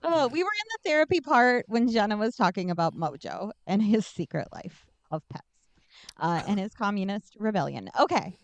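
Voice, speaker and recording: A woman's voice: medium pitch, big pitch swings, normal speed, muffled recording. A woman podcast co-host giving a casual, sarcastic and profane movie recap.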